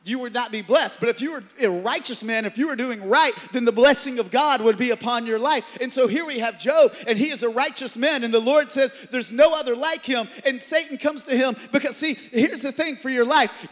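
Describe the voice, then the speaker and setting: A man preaching a sermon as pastor, swinging from loud, driven passages to hushed ones. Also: very high voice, fairly quick, hardly any pauses. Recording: long hall reverb.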